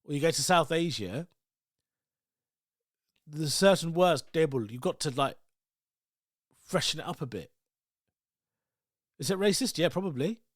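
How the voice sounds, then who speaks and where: A man's voice: a little high, animated, unhurried, long pauses, dry recording. Chatty man, dry close sound. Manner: rambling, chatty, many asides and "like"s. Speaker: podcast host. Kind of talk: casual solo monologue.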